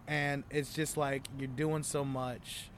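Reflective young comedian chatting outdoors. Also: male voice, mid-range voice, slow pace, slight background noise. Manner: reflective, lively when acting out scenes. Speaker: stand-up comedian. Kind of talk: casual chat.

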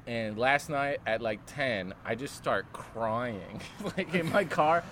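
Overtired, blunt-talking young comedian. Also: male voice, medium pitch, animated, takes it slowly, fairly bright tone, a little hiss or hum. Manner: blunt, swears often, tired venting. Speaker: stand-up comedian. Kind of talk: casual chat.

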